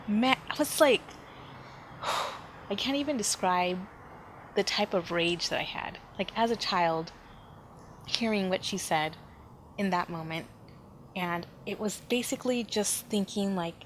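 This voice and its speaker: Animated woman telling a story. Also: mid-range voice, a little slow, slight background noise. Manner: animated, emphatic, frequent sighs and fillers. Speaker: podcast host. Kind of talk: personal storytelling monologue.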